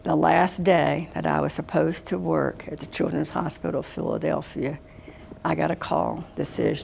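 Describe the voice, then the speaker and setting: An older woman from Washington, D.C. gives a workshop on handling conflict at work, talking to the room in a folksy, no-nonsense way. Her voice sits a little low and has a gravelly edge. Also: steady tone, moderate pace, a little mellow, a little hiss or hum. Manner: folksy, direct, addresses the room as "guys". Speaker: HR consultant and speaker. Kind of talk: workshop talk.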